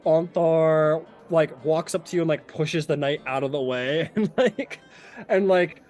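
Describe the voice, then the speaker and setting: A man's voice: fairly high pitch, measured pace, darkish tone. A man narrating a tabletop game as game master, in a loose, rambling way with lots of fillers.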